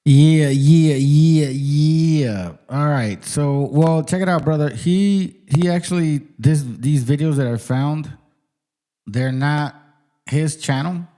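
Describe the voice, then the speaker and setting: A man's voice: on the high side, slow pace, mellow. A man hosting his channel, reacting to clips in casual, blunt, profane commentary. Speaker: channel host.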